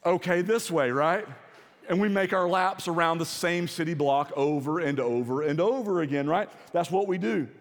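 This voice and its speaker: A man with a Southern accent preaching a sermon, shifting between quiet low passages and loud emphatic ones. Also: moderate pace, big-room sound. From South Carolina. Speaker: pastor. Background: audience laughter.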